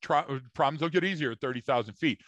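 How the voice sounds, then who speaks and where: A man's voice: a little high, quick pace, a bit bright, no room sound, muffled recording. A man co-hosting a podcast, explaining points emphatically and addressing his listeners directly in a casual, lecturing discussion. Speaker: podcast co-host.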